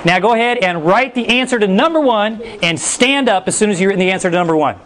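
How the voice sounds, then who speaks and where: A middle-aged male teacher giving a class brisk, playful instructions. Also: sits high. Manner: energetic, brisk, playful commands.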